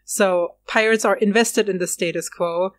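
A woman co-host on a podcast explains history at length, citing her sources as she goes. Her voice sits at a middle pitch and her delivery is conversational, with laughs coming easily. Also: steady tone, normal speed. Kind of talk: casual podcast discussion.

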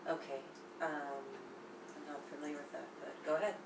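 A woman with a low voice running an audition, polite yet awkward and full of hesitations. She sounds distant in an echoing room with clear background noise. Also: flat delivery, moderate pace. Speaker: casting director. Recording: roomy echo, far from the mic.

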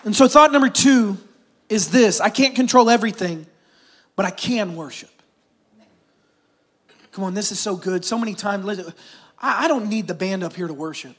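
High-voiced man preaching a sermon. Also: moderate pace, pauses often. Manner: animated preaching with sudden soft, hushed stretches. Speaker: pastor.

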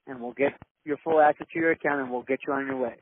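Insistent male phone agent, quick scripted delivery, phone-line sound with light hiss. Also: medium pitch, fairly even intonation.

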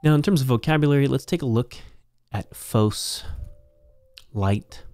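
A man teaching New Testament Greek, slowly and methodically walking through a verse as a Bible teacher. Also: mid-range voice, a little mellow, no room sound, faint music behind. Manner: slow, methodical explaining. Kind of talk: Greek grammar lesson.

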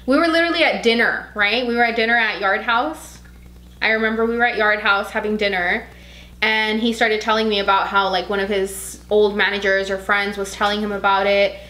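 A woman co-hosting a podcast in a casual chat, talking freely with lots of "like", emotional and quick to tear up. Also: medium pitch, fairly even intonation, sharp tone, reverberant, low-quality recording. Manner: chatty, heavy use of "like"; emotional, easily tearful. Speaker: podcast co-host.

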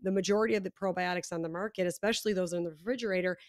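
A woman from the United States, a guest on a podcast, explaining her company's product in an animated, talkative way with plenty of fillers. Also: lowish voice, racing, no echo, clean studio sound. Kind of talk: casual interview chat.

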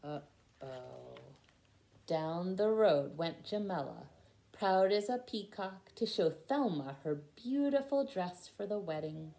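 A woman's voice: fairly low pitch, expressive, slow, gravelly, mellow. A woman reading a picture book aloud to children and stopping to explain the meaning of words. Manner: patient, explains words to young listeners. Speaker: storyteller for children. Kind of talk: children's read-aloud with word lessons.

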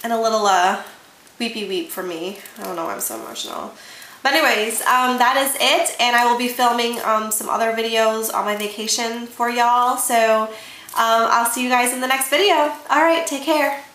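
A young beauty vlogger chats casually about the makeup she bought in a haul, gushing with enthusiasm and repeating words for emphasis. Her voice is a little high and fairly bright, at a moderate pace. The room is echoey, with a faint hiss underneath.

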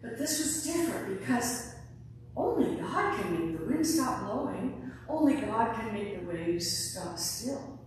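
A woman preaching a sermon in a relaxed, conversational way, now and then acting out quoted lines. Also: fairly high pitch, unhurried, a little hiss or hum. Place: large echoey church. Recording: echoey church from far off.

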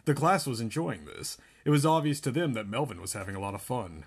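A man reading a book aloud in an animated way, often laughing between lines. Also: medium pitch, a little fast, few pauses, slightly rough. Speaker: reader.

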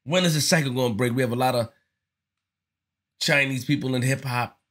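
A man's voice: medium pitch, brisk, fairly bright tone. A man giving casual spoken commentary on his channel, earnest and slangy, often repeating himself as he talks it through. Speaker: vlogger.

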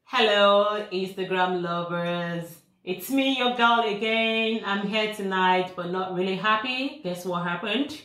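A woman plays a vain young Instagram wife, gushing to her followers in slow, drawn-out speech. Her voice is bright, and the room echoes. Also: mid-range voice, close to an everyday voice. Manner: gushing, social-media chatter.

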